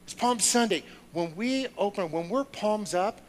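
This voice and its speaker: A man giving a sermon through personal stories, moving from hushed storytelling to loud, excited preaching before a congregation. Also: high voice, a little slow, a little hiss or hum, poor audio. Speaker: lay speaker. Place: church sanctuary with a congregation.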